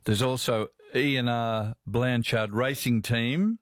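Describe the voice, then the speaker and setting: A man's voice: medium pitch, fairly even intonation, takes it slowly, no echo. A man with an Australian accent, hosting talkback radio in a folksy, chatty way. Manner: chatty, folksy, reads listener messages aloud. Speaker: radio talk show host. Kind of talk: casual talkback radio chat.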